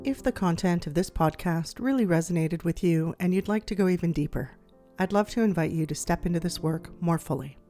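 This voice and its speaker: A woman therapist hosting a podcast, reading her reflective script in a gentle, measured, soothing way. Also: fairly low pitch, faint music behind. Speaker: child therapist and podcast host.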